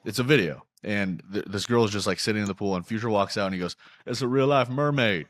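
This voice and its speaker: A young man with a notably deep voice talks sports betting with an animated, profane storytelling streak. His sound is dry and close, with no room around it. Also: quick pace, dry recording. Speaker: podcast host. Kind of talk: casual sports betting chat.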